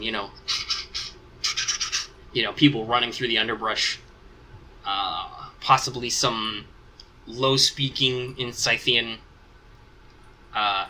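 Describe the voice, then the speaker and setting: A man runs a tabletop game as game master, and his voice is strikingly bright and sharp. His pitch sits in an ordinary middle range. He narrates casually and rambles as he thinks aloud. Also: a little hiss or hum, low-quality recording.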